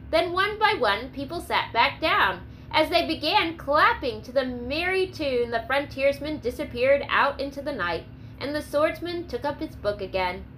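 A woman reads a historical story aloud with expressive narration. Her voice is high and bright. A faint hiss runs under the recording. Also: low-quality recording. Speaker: audiobook narrator. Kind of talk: scripted narration.

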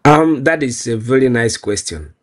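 A man's voice: medium pitch, animated, normal speed. A man from Nigeria with a Nigerian accent, answering interview questions in an earnest, proud way and laughing easily. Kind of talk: casual street interview.

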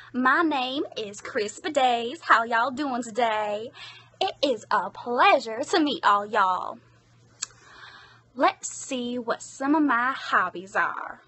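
A woman doing a loud, folksy country cowgirl. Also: fairly high pitch, breathy edge, exaggerated voice. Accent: Southern US country. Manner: hearty and folksy.

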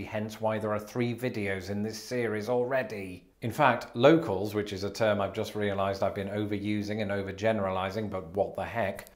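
A British man hosting a scripted, comedic explainer video, wry and self-deprecating with quick asides. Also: lowish voice. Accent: British English. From Britain. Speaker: YouTube host.

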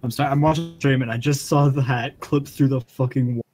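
A man's voice: mid-range voice, steady tone, quick pace, darkish tone, faint music behind. A young man chatting with a friend during a game stream, swearing and laughing wryly. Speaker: gamer, video editor. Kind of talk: casual gaming banter.

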